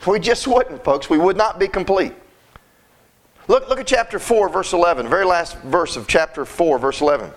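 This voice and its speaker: A man's voice: high-pitched, expressive, moderate pace. A man preaching a sermon in a folksy, emphatic way, often repeating words as he goes.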